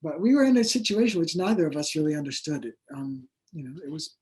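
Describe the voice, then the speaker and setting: A man's voice: fairly high pitch, big pitch swings, quick pace, darkish tone. A man who is an author guest in an interview, telling his story in a rambling, hesitant way with many fillers. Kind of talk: conversational interview.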